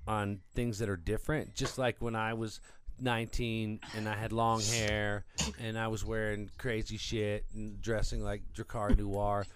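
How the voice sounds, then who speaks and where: A man co-hosting a podcast in casual chat, joking deadpan and making up nonsense words. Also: on the low side, a little slow, a little hiss or hum. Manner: playful, deadpan jokes, makes up nonsense words. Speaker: podcast co-host.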